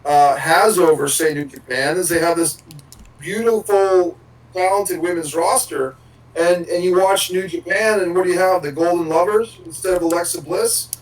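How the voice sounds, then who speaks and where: A man's voice: sits high, moderate pace, distant mic, poor audio. Rambling man podcast host, a bit off-mic. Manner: rambling, swears casually. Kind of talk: casual podcast chat.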